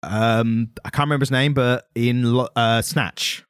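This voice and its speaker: A man's voice: medium pitch, steady tone, a little slow, clean tone, no echo, studio quality. An English man co-hosting a casual podcast chat, meandering and hedging with fillers. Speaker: podcast co-host.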